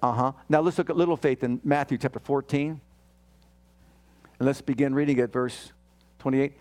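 A man's voice: medium pitch, fairly even intonation, moderate pace, darkish tone. A man preaching a sermon, reading scripture and dramatically voicing the prayers and complaints he quotes, often questioning his listeners. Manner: questions the congregation and reads scripture aloud.

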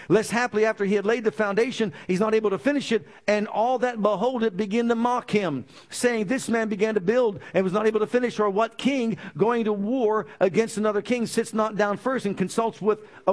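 High-voiced emphatic male preacher. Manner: call-and-response questions to the congregation; swings from loud emphatic preaching to low, quiet pleading. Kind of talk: sermon. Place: church.

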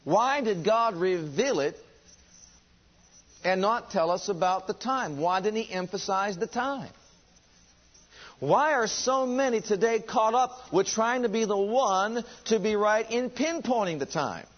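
A man's voice: high voice, expressive, measured pace, lo-fi sound. A man preaching a sermon, driving his points home with rhetorical questions and emphatic repetition.

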